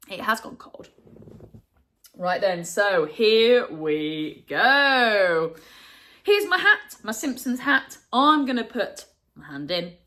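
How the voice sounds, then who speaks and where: A young adult woman hosting a retro gaming vlog, talking to viewers in a heartfelt, chatty way, full of fillers and quick laughs. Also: fairly high pitch, sharp tone. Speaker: retro gaming channel host. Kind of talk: casual vlog chat to viewers.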